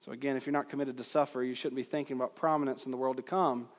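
A man's voice: medium pitch, little pitch movement, very fast, long reverb tail. A man preaching an expository sermon in an earnest, emphatic way, with his voice climbing at points of stress. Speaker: pastor.

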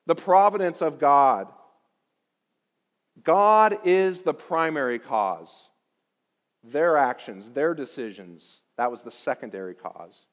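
A man preaching a sermon, emphatic and deliberate, repeating key phrases for weight. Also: a little high, in a large hall. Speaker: pastor.

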